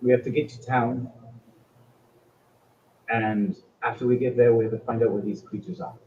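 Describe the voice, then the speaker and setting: A man voicing a brisk, impatient female tiefling cleric who leads her group. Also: mid-range voice, fairly even intonation, darkish tone, roomy sound, dull audio, a little hiss or hum, lightly acted.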